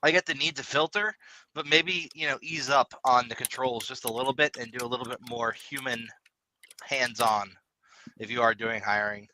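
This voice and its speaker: A man co-hosting a casual tech podcast, talking in long, animated rambles and laughing often. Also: mid-range voice, normal speed, low-quality recording. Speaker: podcast co-host.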